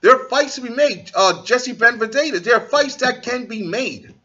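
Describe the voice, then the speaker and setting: A man's voice: extremely high pitch, expressive, normal speed, sharp tone, muffled recording. A man hosting a boxing talk show, giving blunt, profane opinions in a casual monologue and acting out what fighters say.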